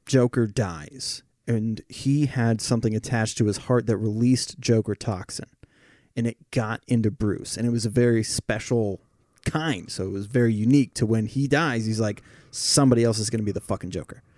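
A man's voice: on the low side, normal speed, a little mellow, no room sound, clean studio sound. A man in casual podcast chat who explains things eagerly and at length, swearing along the way.

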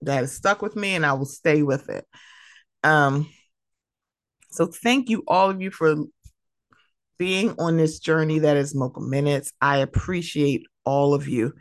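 A woman hosting her own podcast in a casual, animated, emotional way, laughing often. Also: low voice, a little slow, long pauses, no room sound, clean studio sound. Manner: animated, laughing, emotional, mimics friends' voices. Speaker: podcast host. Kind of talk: casual solo podcast talk.

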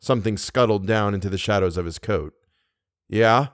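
A man reading a short story aloud as the narrator, in a steady, deadpan way. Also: on the low side, quick pace, dry recording, clean studio sound. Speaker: podcast narrator.

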